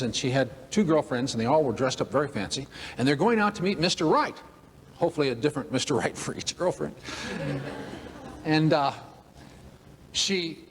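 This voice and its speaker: A man giving a humorous motivational talk to an audience, telling folksy stories. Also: fairly high pitch. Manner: folksy, joking, acts out characters. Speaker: motivational speaker. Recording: long hall reverb, faint ambience.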